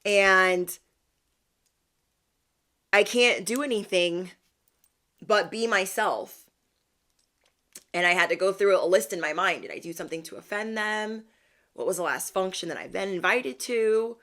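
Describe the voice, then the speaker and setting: A woman vlogger in a chatty, animated retelling of a family story, using slang as she talks to her viewers. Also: mid-range voice, unhurried, pauses often. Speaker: spiritual vlogger. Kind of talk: casual storytelling.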